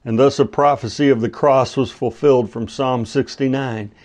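A man preaching a sermon, teaching through a Bible passage in a measured, deliberate way and quoting scripture. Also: mid-range voice, fairly even intonation, darkish tone. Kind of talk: expository sermon.

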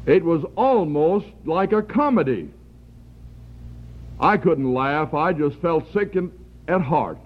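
A man preaching a sermon, earnest and deliberate, lifting his voice for emphasis. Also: a little high, expressive. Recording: tinny phone-like archival recording.

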